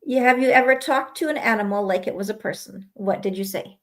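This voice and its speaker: A woman's voice: mid-range voice, a little fast. A woman co-hosting a casual live chat, asking questions and giving brief, encouraging replies.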